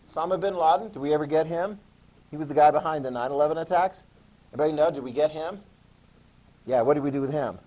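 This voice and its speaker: A man giving a classroom history lecture, animated and playful, acting out quotes in a classroom. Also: a little high, fast talker. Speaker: history teacher.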